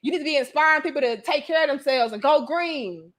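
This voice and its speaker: Woman playing a high pitched lady in a dream, scolding her, pushy questions. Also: fast talker, lightly acted. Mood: insistent.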